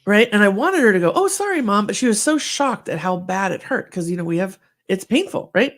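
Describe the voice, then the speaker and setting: On a casual podcast, a co-host talks in a lively, slightly gravelly voice at medium pitch and a little fast. She tells stories with animation, acting out the voices of the people she quotes.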